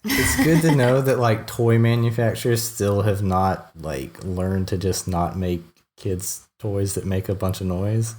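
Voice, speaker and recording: Podcast dude with a really deep low voice, laid back, bit wry. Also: male voice, a little slow, a little mellow. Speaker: podcast co-host. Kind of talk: casual chat.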